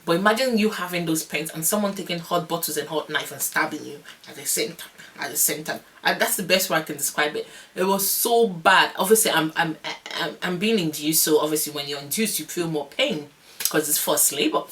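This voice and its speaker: A young woman vlogger telling a long story in a casual, animated, rambling way, often laughing. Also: low-pitched, a little fast. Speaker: vlogger, new mother.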